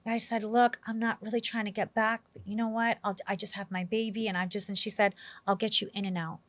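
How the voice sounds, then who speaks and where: A woman from New York City, an actress being interviewed, telling animated stories in a chatty way with lots of acted-out quotes. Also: medium pitch, brisk, no echo. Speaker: actress guest. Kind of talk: casual interview storytelling.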